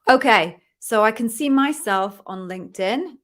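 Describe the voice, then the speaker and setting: A woman's voice: on the high side, lively intonation, a little slow, fairly bright tone. English woman chatting to her live stream, upbeat, says hi to everyone by name. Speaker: interview coach hosting a live Q&A. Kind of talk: casual live-stream chat. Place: home office with a ring light.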